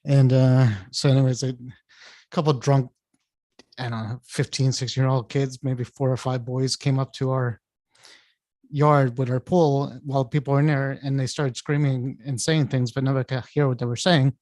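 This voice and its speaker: A man's voice: medium pitch, little pitch movement, moderate pace, a little mellow, no echo, clean studio sound. Rambling male co-host telling stories. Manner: rambling storyteller, restarts and laughs. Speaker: podcast co-host. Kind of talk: casual chat.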